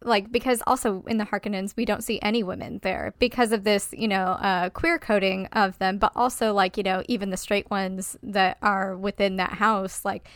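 A woman co-hosting a casual discussion, animated, swearing freely and using many fillers. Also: mid-range voice, moderate pace, hardly any pauses, dry recording, clean studio sound. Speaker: podcast co-host.

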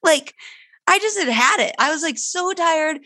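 A woman's voice: very high voice, lively intonation, normal speed, bright, forceful tone, no room sound, studio quality. A middle-aged woman speaking candidly and animatedly as she tells a personal parenting story, her voice climbing sharply when she gets worked up. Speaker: guest, foster mother.

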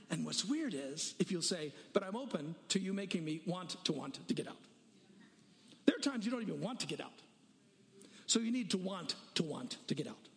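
A man preaching in a large reverberant hall, his voice sitting high and swinging widely in pitch. He tells stories with quick changes of voice and presses his listeners with dares. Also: vocal fry. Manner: animated storytelling, shifting voices for quotes, daring the listeners. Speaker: pastor. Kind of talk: sermon.

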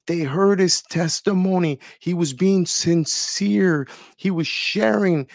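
A man's voice: high-pitched, slow pace, gravelly, no echo, clean studio sound. An older man, a pastor, preaching a sermon with stammered repeats and retelling scripture in the first person.

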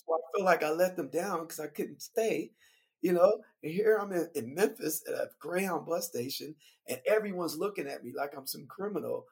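A man who plays in a band, telling a story from the road as a guest on a podcast, lively and laughing as he recounts it. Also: a little high, moderate pace. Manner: animated, vivid retelling with laughter. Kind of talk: casual storytelling.

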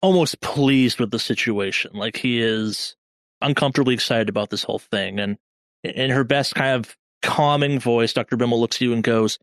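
A man's voice: medium pitch, normal speed, no echo, clean studio sound. A man narrating a tabletop game as game master in a casual, hedging way.

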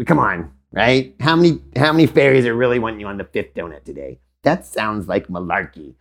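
Gravelly guy hosting a live show, rambly and playful, voice swings up and down a lot. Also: lowish voice, animated, a little fast, hardly any pauses. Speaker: podcast host. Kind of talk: live podcast monologue.

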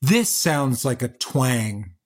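A man's voice: mid-range voice, very animated, slow. Curious male interviewer. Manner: curious, probing, rephrases questions. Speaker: interview host. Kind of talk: casual interview questions.

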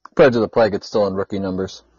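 A man co-hosting a podcast, answering in short, calm and deadpan lines. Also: deep voice, rapid-fire, husky, no echo. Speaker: co-host. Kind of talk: casual podcast chat. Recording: dull lo-fi sound.

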